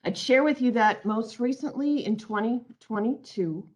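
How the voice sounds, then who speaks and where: A woman's voice: on the high side, normal speed, darkish tone. A woman presenting an online training webinar, reading out audience answers and then explaining her points earnestly, on a computer mic.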